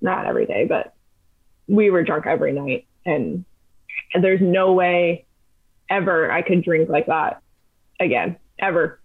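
A young woman spins lively stories as a podcast guest. She talks casually, throwing in plenty of fillers. Her voice sounds thin and narrow, as if heard over a phone. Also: on the low side, a little slow, long pauses, slightly rough. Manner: animated, chatty, many fillers. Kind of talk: casual storytelling chat.

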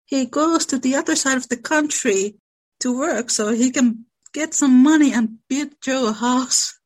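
A woman's voice: high-pitched, unhurried. Woman reading and discussing a novel. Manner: reads passages plainly, then discusses. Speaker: book club co-host reading aloud.

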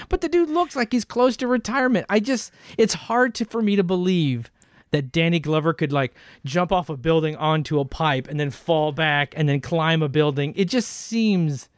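A man with a slightly high voice talks movies in a loose, profane rant. The sound is close and dry, with no room around it. He keeps jumping into higher, incredulous tones as he argues. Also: dry recording. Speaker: podcast co-host. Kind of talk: casual film chat.

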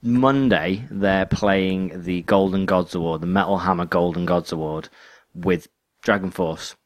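A man's voice: low voice, fairly even intonation, measured pace, dry recording. A man co-hosting a podcast in casual chat, rambling and restarting his sentences. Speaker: podcast co-host.

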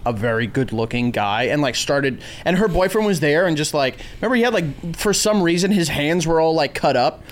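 Brief: man in his thirties, podcast co-host, slightly high pitch, dry teasing asides. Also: expressive, fairly quick, hardly any pauses. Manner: dry joking asides, swearing. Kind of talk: casual chat.

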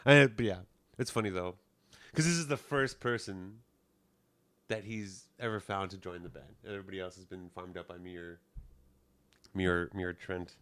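A man's voice: deep voice, fairly even intonation, moderate pace, pauses often, a bit bright. A man who plays in a band, telling a casual story in a rambling, profane way, often checking in with "you know what I mean". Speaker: musician.

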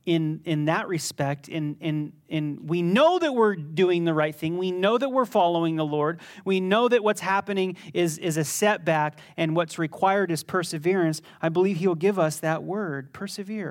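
A middle-aged male pastor preaching a sermon in a conversational, animated way that bursts into sudden intensity. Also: fairly high pitch, unhurried.

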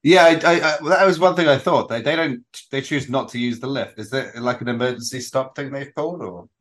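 A man's voice: mid-range voice, a little fast, fairly bright tone. A man co-hosting a casual film podcast, rambling and restarting his sentences, often laughing along. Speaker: podcast co-host.

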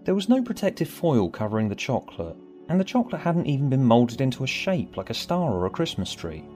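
A man reading his own story aloud, expressive, moving between bright and hushed. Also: mid-range voice, brisk, faint music behind. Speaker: author and narrator. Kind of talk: storybook narration.

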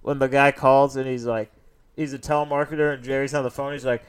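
Young man, podcast co-host, casual profane storytelling, smooth resonant tone. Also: medium pitch, little pitch movement, fast talker. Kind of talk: casual chat.

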